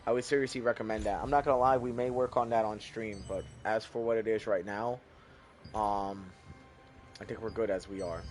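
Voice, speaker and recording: Casual young man talking over gameplay. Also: on the low side. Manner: relaxed, chatty, thinks aloud, swears casually. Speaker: gaming YouTuber.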